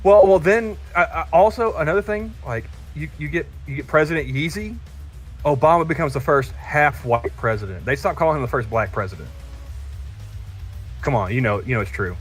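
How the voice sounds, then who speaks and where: A man's voice: a little high, brisk, breathy edge, faint music behind. A man in his thirties on a podcast panel, joking crudely in casual chat and stumbling over restarts. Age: 30s.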